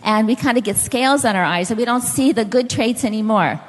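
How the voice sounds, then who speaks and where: A middle-aged woman delivers a sermon with a slightly high voice, carried by the long reverb of a large hall. She tells personal stories and turns to the congregation with questions and instructions. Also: brisk. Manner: storytelling, directly addressing the audience. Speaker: preacher.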